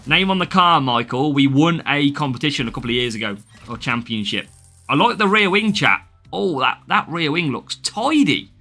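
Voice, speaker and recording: A man's voice: a little high, expressive, normal speed, bright, forceful tone, faint music behind. An English man streaming a mobile racing game live, chatting casually, greeting viewers by name and laughing often. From England. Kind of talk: live gameplay stream, reading chat.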